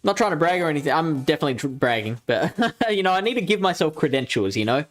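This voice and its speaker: Fast-talking and fairly high-pitched, this Australian streamer swings widely in pitch as he hosts a live gaming show. He reads chat, chats casually, narrates his thoughts mid-game, and often laughs at himself.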